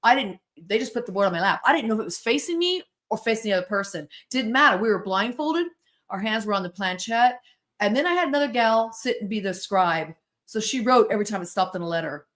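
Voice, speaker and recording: A middle-aged woman from the United States, a podcast guest telling stories in an animated, self-interrupting way. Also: medium pitch, quick pace. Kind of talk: casual storytelling interview.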